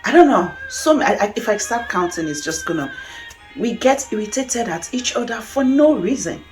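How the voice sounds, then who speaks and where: Animated Nigerian woman vlogging. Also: medium pitch, normal speed, faint music behind. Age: middle-aged. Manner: animated, laughing often, candid. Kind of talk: casual monologue.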